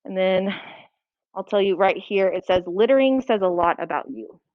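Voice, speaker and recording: Brisk woman teaching a class. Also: mid-range voice, animated, no room sound. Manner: brisk, checks for understanding. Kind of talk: classroom lesson. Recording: dull lo-fi classroom recording.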